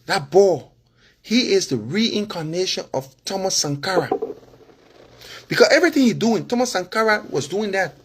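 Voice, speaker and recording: With a little hiss or hum in the recording, a man with a Liberian English accent speaks in a high voice with lively intonation at a moderate pace. The former candidate and political vlogger talks to his followers casually and emotionally, chuckling and often asking "you understand?"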